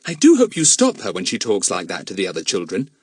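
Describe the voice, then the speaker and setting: A man's voice: deep voice, huge pitch swings, fast talker, husky, no echo, studio quality, full character voice. A man voicing a proper, fretful English mother in a storybook. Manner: prim, reproachful.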